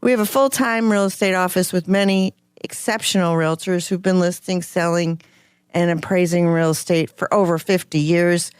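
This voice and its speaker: A woman's voice: on the low side, fairly even intonation, normal speed, smooth, no echo, clean studio sound. A woman hosting a radio talk show, chatty and upbeat as she introduces guests. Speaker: radio show host and real estate broker.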